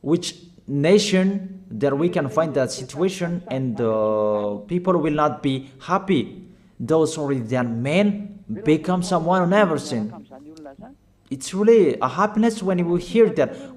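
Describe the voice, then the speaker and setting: Male preacher, slightly high-pitched, deliberate unhurried delivery, emphatic and repetitive sermon style. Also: a little mellow. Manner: slow, halting phrasing with fillers.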